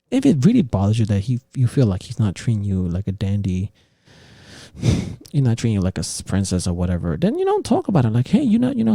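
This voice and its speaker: A man hosting a casual podcast, ranting in an animated way and swearing constantly. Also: mid-range voice, vocal fry, no echo, studio quality. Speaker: podcast host. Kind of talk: casual opinion talk.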